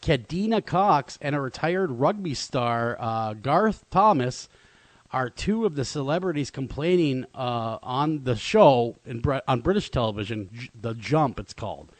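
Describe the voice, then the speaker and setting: In a dry recording, a man with a medium-pitched voice speaks at a measured pace as he co-hosts a radio show. The banter is casual, full of laughter and animated, playful storytelling.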